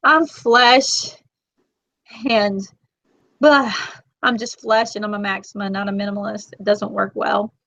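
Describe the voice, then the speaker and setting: Woman, forties, casual host chat, emotional, dry close sound, gravelly. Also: medium pitch, little pitch movement, a bit bright, dry recording. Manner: chatty, emotional, quick to tear up. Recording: dull, lo-fi, dry.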